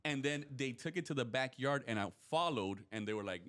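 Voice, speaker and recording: A young man co-hosting a podcast, telling stories in a relaxed, slangy way and laughing often. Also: mid-range voice, a little fast. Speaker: podcast co-host. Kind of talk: casual chat, storytelling.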